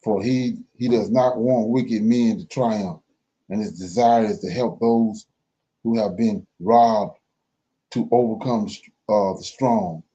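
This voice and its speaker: A man reading scripture aloud for a Bible study, slow and careful, pausing and correcting himself as he goes. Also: lowish voice, steady tone, mellow, lo-fi sound.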